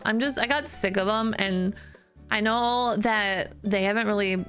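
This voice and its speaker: A chatty woman streamer talks easily at a middle pitch, giggling often and poking fun at herself. Her sentences restart and tumble on. Quiet music plays behind her. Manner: chatty, giggly, self-deprecating, quick restarts. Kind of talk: casual chat with stream chat.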